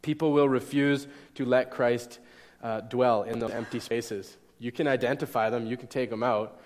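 A man's voice: mid-range voice, steady tone, normal speed. Young male pastor preaching in an echoey hall. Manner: conversational, checks in with "okay?". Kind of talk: sermon.

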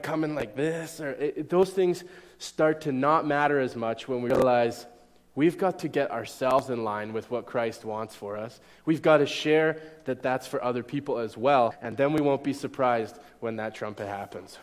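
A man's voice: mid-range voice, normal speed. A young man preaching a sermon in a conversational way, often checking in with his listeners. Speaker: pastor. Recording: echoey hall.

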